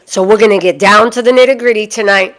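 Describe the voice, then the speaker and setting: A woman's voice: mid-range voice, quick pace, a bit bright. A woman with a Boston accent hosting a live stream as a dog breeder, chatty and folksy, repeating phrases for emphasis as she talks to her viewers.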